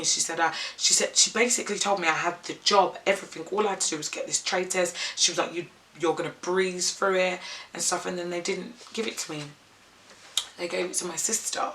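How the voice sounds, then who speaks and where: A woman's voice: on the low side, sharp tone, a little hiss or hum. A young woman and makeup artist, rambling candidly in an unscripted vlog and swearing freely.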